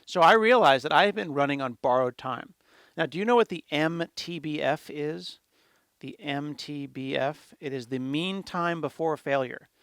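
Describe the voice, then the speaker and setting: A middle-aged man tells a lively, jokey story to an audience, slipping into quick impressions of the people he quotes. His voice sits a little high and comes through smooth and clear. The sound is dry and close. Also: dry recording. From United States. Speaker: conference speaker. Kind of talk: storytelling tech talk.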